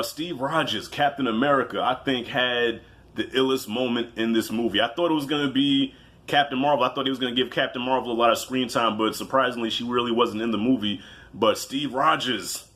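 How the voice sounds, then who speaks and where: A man reviews a movie casually and animatedly, spinning it like a story, cursing freely and acting out his own reactions. His mid-range voice moves briskly.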